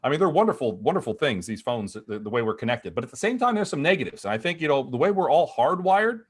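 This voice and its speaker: Fast-talking man explaining markets on a video call. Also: mid-range voice, breathy edge. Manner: energetic, talks fast with frequent restarts and acted-out quotes. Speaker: guest market strategist. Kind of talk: animated conversational explanation.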